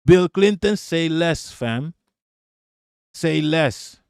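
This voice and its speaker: A man hosts a live political stream, talking back to chat and swearing as he rants. His voice sits slightly high for a man. The recording is dry and close, with no room sound. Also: lively intonation, very slow, a little mellow, clean tone, dry recording. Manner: profane, ranting, talks back to chat.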